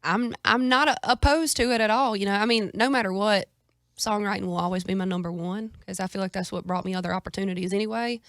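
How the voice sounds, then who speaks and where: A young woman with a broad Southern US drawl talks in a folksy, easygoing way, laughing often. Her voice sits at an ordinary pitch for a woman. The studio mic sounds close and dry, with no room around it. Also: steady tone, fast talker, fairly bright tone, no echo. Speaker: guest singer-songwriter. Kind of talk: casual radio interview.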